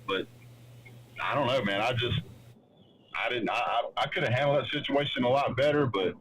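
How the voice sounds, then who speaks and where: A man's voice: mid-range voice, fairly bright tone, husky, rough recording. A man hosting a casual talk show, telling a story with many restarts and acting out what others said. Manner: halting, restarts often, acts out others' lines. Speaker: show host.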